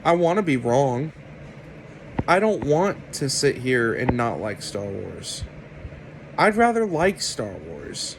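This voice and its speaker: A man delivering an opinionated commentary rant to his viewers, sarcastic and deliberate. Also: medium pitch, big pitch swings, background noise. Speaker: video commentator.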